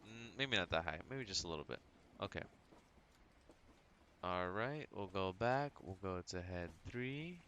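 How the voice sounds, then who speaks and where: Low-voiced man talking through his drawing. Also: expressive, unhurried, long pauses, a bit bright, a little hiss or hum. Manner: chatty, thinks aloud, hums to himself. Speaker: livestreaming artist. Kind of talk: casual tutorial narration while drawing.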